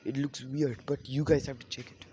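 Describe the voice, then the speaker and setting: A man's voice: mid-range voice, little pitch movement, moderate pace, dark tone, slight background noise. A man casually telling a fan-fiction story in a rambling, self-correcting way.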